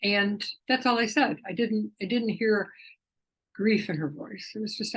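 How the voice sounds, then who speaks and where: A middle-aged woman with a soft, husky voice recounts a personal story in a gentle, meandering way. Her pitch sits in an ordinary middle range, and she speaks with warmth and some feeling. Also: normal speed, poor audio. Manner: gentle, rambling, emotional storytelling. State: tearful at times. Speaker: animal communicator.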